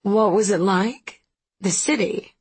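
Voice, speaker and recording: A woman voicing a worldly, wistful older hostess in an audiobook, measured and reflective, with a husky, gravelly voice. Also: mid-range voice, rough recording. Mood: musing. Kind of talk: audiobook character voice.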